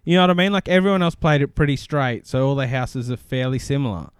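A man co-hosting a casual podcast, easygoing and quick to laugh. His voice comes through smooth and clear, recorded close and dry with no room sound. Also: medium pitch, no echo. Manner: jokey, laughs often, agreeable. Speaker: podcast co-host. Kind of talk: casual chat.

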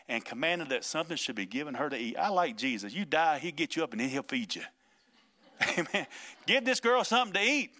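A male pastor preaching in a loose, conversational style. His voice is bright and forward, and his delivery is folksy and emphatic. He chuckles between points. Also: fairly high pitch. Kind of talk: informal preaching on a podcast.

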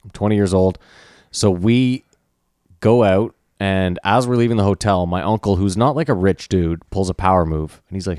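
Profane, animated man telling a story. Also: deep voice, normal speed, clear, resonant tone, dry recording, clean studio sound. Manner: animated, profane, acts out quoted voices. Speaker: podcast co-host. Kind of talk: casual storytelling.

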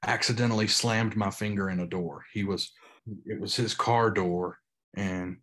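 A young man, a pastor and podcast guest, talking earnestly in casual interview chat, halting with frequent restarts. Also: on the low side, steady tone, fairly bright tone.

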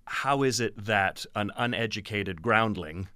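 A man who directs and teaches acting, giving animated, explanatory answers in an interview. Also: lowish voice, slow, dry recording, clean studio sound.

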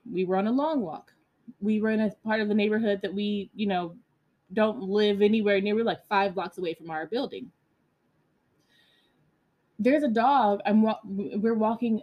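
Woman podcast host, casual storytelling monologue, animated, blunt, profane, lots of fillers, mid-range voice. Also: medium pitch.

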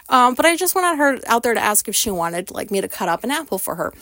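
A woman tells a story straight to the camera in a loose, rambling monologue, swearing freely along the way. Her voice sits a little high. The sound is dry and close, with no room echo. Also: expressive, brisk, hardly any pauses, a bit bright. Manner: candid, rambling, swears often. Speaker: vlogger.

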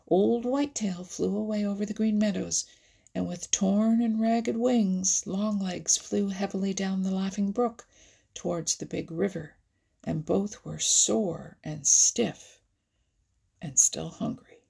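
A woman reading a children's animal story aloud, lively and expressive, sometimes dropping to a whisper. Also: mid-range voice, slow pace, gravelly, breathy edge. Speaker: narrator.

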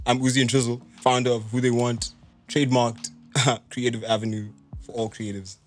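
A man from South Africa jokes around as a podcast guest, full of slang and teasing asides. His voice sits at a middling pitch for a man. Faint music plays underneath. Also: level tone, normal speed. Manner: playful, slangy, teasing interjections. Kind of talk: casual podcast banter.

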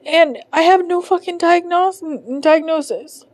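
A woman's voice: extremely high pitch, a little slow, darkish tone, dry recording. A woman in her thirties venting in a personal podcast monologue, emotional and close to tears, swearing constantly in frustration, recorded from her bed at home. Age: 30s. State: on the verge of tears. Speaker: podcast host.

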